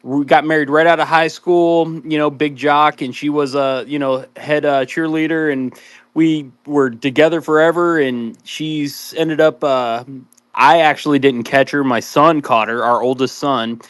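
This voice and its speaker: A man's voice: on the high side, steady tone, measured pace, clear, resonant tone, no room sound. A middle-aged man on a podcast panel, speaking candidly and joking in casual group chat. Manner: candid, joking, trailing off with fillers.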